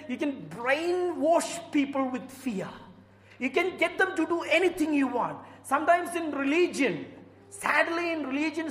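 A man's voice: extremely high pitch, fairly bright tone. A man with an Indian accent who is studying for the priesthood, preaching a sermon through stories that rise to fervent emphasis. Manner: storytelling, rising to fervent emphasis. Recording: echoey church with long reverb.

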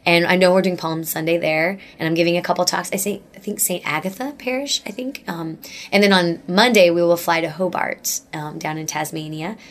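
Earnest chatty woman, soft and low. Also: a little fast. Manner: earnest, gushing, many likes and restarts. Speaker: guest speaker. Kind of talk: casual interview talk about faith.

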